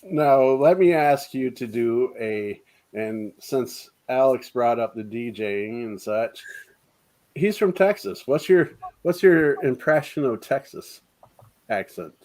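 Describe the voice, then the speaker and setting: A man hosting a casual interview chat, relaxed and teasing, laughing easily at his guest's answers. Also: mid-range voice, takes it slowly. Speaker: host.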